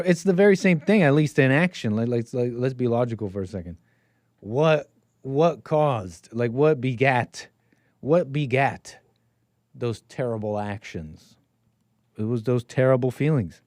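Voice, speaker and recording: A man's voice: mid-range voice, dry recording, studio quality. Rambling, teasing male livestream host. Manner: rambling, teasing, swings between loud bursts and mumbles. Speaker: host of a call-in livestream show. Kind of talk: casual solo livestream talk to chat.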